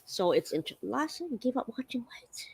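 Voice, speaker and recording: A woman's voice: a little high, sing-song, fairly quick, gravelly, husky, no room sound. Chatty woman co-hosting a stream. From Northern California. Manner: chatty, greets viewers by name. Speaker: co-host on a livestream. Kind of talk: casual livestream chat.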